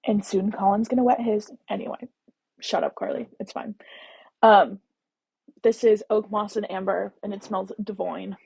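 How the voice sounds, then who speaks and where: A woman's voice: medium pitch, fairly even intonation, moderate pace, gravelly, darkish tone, slightly rough, dry recording, poor audio. A woman hosting a book-reading livestream, chatting casually and bubbly with viewers, full of jokey asides. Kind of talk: casual live chat with viewers.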